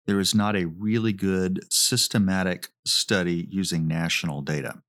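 A man's voice: low voice, a bit bright, dry recording. A man reviewing a research paper in a methodical lecture, with casual asides. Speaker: EMS educator reviewing research.

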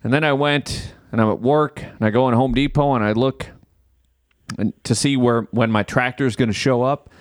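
This podcast host has a medium-pitched voice with fairly even intonation and normal speed, recorded in a clean studio with no echo. Chatting casually, he tells a story, cursing freely and dramatizing his exasperation.

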